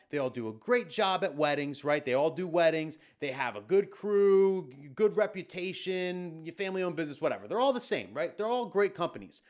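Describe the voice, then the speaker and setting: A man who is a DJ, giving casual, blunt and emphatic tutorial advice with slangy asides. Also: on the high side.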